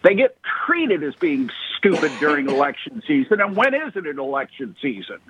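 A man's voice: a little high, big pitch swings, normal speed, background noise. Caller man on a dull phone line. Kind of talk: call-in opinion.

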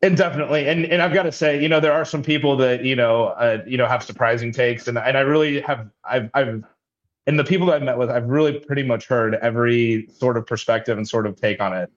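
A man's voice: mid-range voice, fairly even intonation, fast, dull audio. A man, head of a logistics company, explaining things in a businesslike way as an interview guest. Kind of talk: interview answers.

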